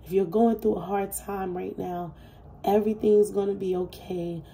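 A woman gives a tarot reading to camera in a relaxed, heartfelt way, repeating soothing reassurances and swearing freely. Her voice is very mellow and dark, with a gravelly edge. Her pitch sits in the middle. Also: normal speed, low-quality recording. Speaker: tarot reader.

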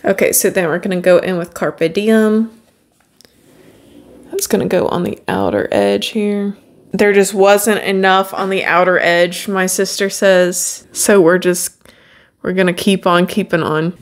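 A woman's voice: mid-range voice, measured pace. A woman beauty vlogger talking viewers through a makeup tutorial in a chatty, upbeat way, often calling them friends.

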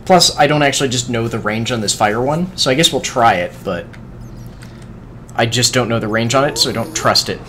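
Excitable swearing man narrating his gameplay. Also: medium pitch, fairly quick, slight background noise. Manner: excitable, swears often, talks to the game's creatures. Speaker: gaming video host. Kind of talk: casual let's-play commentary.

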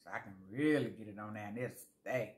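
A woman's voice: extremely low pitch, a little fast. A woman food vlogger tasting jellies on camera, chatting casually to her viewers with savoring murmurs between bites.

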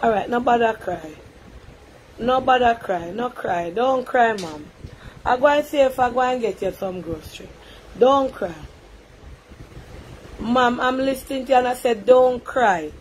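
A woman with a Jamaican accent hosting a live call-in stream, talking briskly and coaxing a caller. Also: a little high, expressive, slight background noise.

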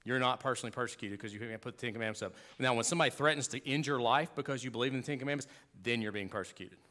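A man preaching a sermon as pastor, emphatic and conversational, swinging from loud to hushed with humorous asides. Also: mid-range voice, rapid-fire.

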